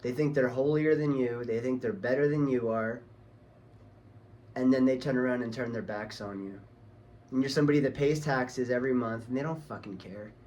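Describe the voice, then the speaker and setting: A man's voice: mid-range voice, normal speed, darkish tone. A man ranting heatedly on his vlog, swearing a lot and talking in a casual, angry way. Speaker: vlogger.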